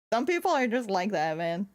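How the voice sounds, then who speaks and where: A young woman telling a story in casual chat, laughing often and filling her talk with "like.". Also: mid-range voice. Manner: animated, laughs often, lots of "like" fillers; swears when annoyed. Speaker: streamer.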